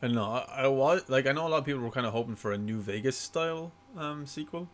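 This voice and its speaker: A man hosting a casual podcast, chatting excitably and breaking into laughter. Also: mid-range voice, quick pace.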